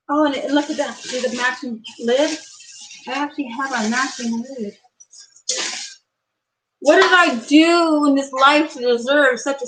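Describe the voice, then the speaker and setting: A middle-aged woman vlogging an excited unboxing in her home kitchen, gushing and exclaiming often. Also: high voice, background noise.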